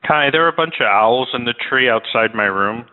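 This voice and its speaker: A man making absurd prank calls in a deadpan, mock-earnest way over a tinny phone line. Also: mid-range voice, fairly quick. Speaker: prank caller.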